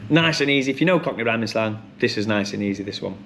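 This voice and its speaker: A man hosting a pub quiz, chatty and rambling with many ums and restarts, who reads each question and then repeats it slowly. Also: lowish voice, expressive, noisy background. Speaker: quiz host.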